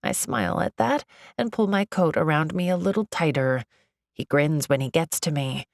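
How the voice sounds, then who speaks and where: A woman narrating a first-person romantic comedy audiobook in an expressive, comic, confiding way. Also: low voice, normal speed, gravelly, dry recording, clean studio sound.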